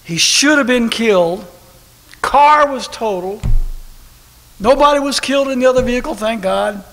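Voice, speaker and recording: High, bright-voiced preacher man. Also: normal speed. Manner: animated storytelling, bursts into shouting. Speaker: pastor. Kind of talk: storytelling sermon. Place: church service. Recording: long hall reverb with faint noise.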